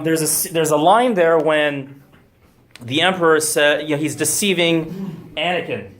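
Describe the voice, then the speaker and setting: A man gives an animated talk in a restaurant room, his voice a touch high and booming off the walls. He gets loud and excited, then stumbles through fillers and restarts. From United States. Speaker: deacon giving a talk. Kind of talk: lively public talk. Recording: echoey room.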